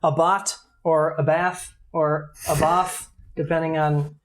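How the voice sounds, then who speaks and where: A man's voice: fairly high pitch, flat delivery, slow. A man co-hosting a casual podcast, talking in a loose way, swearing and restarting his sentences. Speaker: podcast co-host. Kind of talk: casual chat.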